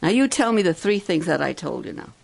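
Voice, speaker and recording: A woman's voice: lowish voice, very animated, brisk, gravelly, darkish tone. An older woman giving a sermon at a camp, coaxing her listeners with many questions. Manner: coaxing, asks the crowd questions. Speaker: camp speaker.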